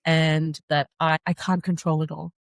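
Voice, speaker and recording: Woman, podcast guest, lower voice, dry close sound, earnest, reflective. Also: level tone, normal speed, no echo. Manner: earnest, reflective, often acts out her son's repeated questions in a higher voice. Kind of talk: candid interview conversation.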